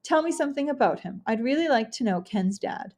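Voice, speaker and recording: A woman voicing a kind, concerned adult woman who speaks gently in a storybook reading. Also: a little high, expressive, a little fast. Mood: gentle.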